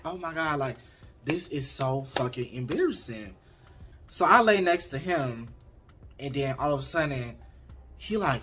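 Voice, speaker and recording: A man of twenty casually telling a candid storytime to his viewers, talking straight to them in an expressive way. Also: mid-range voice. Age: 20s. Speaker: vlogger.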